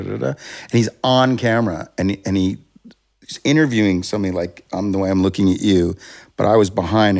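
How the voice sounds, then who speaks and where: In a casual interview, a music producer tells a long, rambling story, interrupting himself, starting over and acting out what people said. His voice is low-pitched, creaky and darkish.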